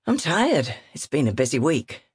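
A woman's voice: deep voice, big pitch swings, moderate pace, breathy edge, no echo, clean studio sound, heavily acted. A woman narrator voicing a tired, distracted young woman in an audiobook. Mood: wistful. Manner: quiet and distracted. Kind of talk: audiobook character reading.

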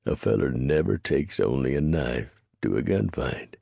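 A man's voice: very deep voice, expressive, unhurried, creaky, mellow, breathy edge, no room sound, full character voice. A man voicing a weary, tough frontier gunfighter who talks in a plain-spoken drawl. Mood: tired.

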